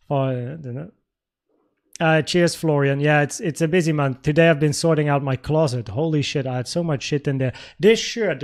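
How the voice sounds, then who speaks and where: A young man from the Netherlands hosting a casual livestream, rambling and restarting as he reads out viewer comments. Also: fairly high pitch. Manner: rambling, with frequent restarts and filler words. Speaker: livestream trading host.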